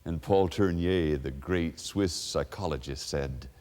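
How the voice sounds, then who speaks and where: A man's voice: extremely low pitch, takes it slowly, a little mellow, long reverb tail. A man preaching a sermon as a pastor, telling stories expressively and acting out the people he quotes.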